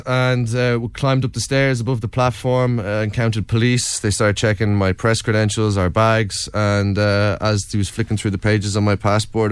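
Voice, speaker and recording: A man's voice: on the low side, smooth, no echo. A young Irish man, a documentary filmmaker, earnestly recounting his experiences in an interview with many fillers. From Ireland, County Wicklow. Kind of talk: interview storytelling.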